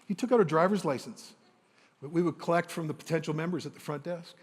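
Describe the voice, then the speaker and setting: A man telling a motivational sales story on stage to a live audience, animated and enthusiastic, acting out the dialogue. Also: a little high, quick pace, slightly rough. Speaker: motivational speaker and sales coach. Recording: long hall reverb.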